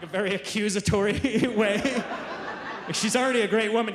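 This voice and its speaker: A man's voice: high voice, fairly even intonation, fairly quick, noisy background. A man performing a stand-up comedy set on stage, chatty and self-interrupting. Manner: conversational, self-interrupting, jokey. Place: theater stage before a live audience. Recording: reverberant hall with audience laughter.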